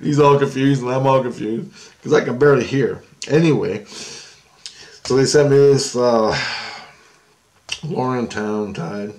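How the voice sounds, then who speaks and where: A man's voice: mid-range voice, takes it slowly, pauses often, a little mellow. A man telling a rambling story to camera in a casual way, laughing often and losing his thread. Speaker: vlogger.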